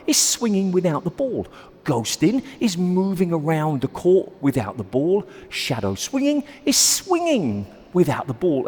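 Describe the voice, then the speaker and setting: A man's voice: high voice, darkish tone, slightly rough, big-room sound. A man coaching squash on court, explaining and demonstrating shots in a chatty, self-deprecating way. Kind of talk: on-court instructional video.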